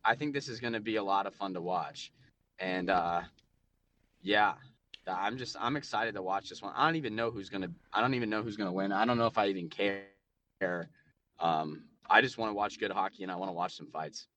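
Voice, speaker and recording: A man co-hosting a podcast, talking excitedly about hockey and often restarting his sentences. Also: on the low side, brisk. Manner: excitable, repeats himself with restarts. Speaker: podcast co-host. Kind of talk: casual sports chat.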